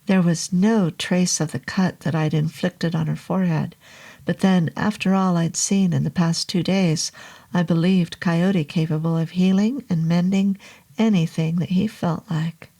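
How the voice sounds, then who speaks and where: A woman reads a horror novel aloud, slow and hushed, with a low, husky voice. A gravelly fry runs through her words, and she drops to a whisper now and then. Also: fairly even intonation. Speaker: narrator. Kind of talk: audiobook horror narration.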